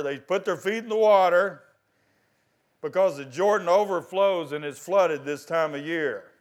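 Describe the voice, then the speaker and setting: A man preaching a sermon, asking his congregation questions and swinging from loud exhortation to quiet asides. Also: high-pitched, unhurried.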